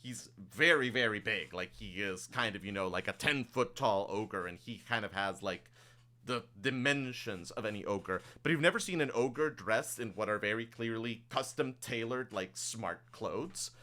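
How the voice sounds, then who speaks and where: A man's voice: on the low side, moderate pace, sharp tone. A man narrating as game master of a tabletop game, improvising loosely with many fillers.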